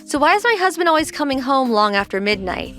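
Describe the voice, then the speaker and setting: A woman's voice: high voice, very animated, fast, bright, forceful tone, soft background music, heavily acted. A young woman voicing a protective wife who confronts her husband's boss in a pleading, accusing way.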